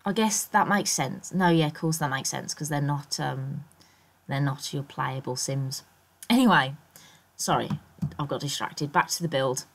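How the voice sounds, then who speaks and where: A low-voiced woman talks over a game build in a loose, rambling way, stopping often with ums while she thinks aloud. Her voice is croaky, as it often is first thing in the morning. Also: unhurried. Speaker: Sims builder and YouTuber. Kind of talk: casual voice-over commentary on a speed build.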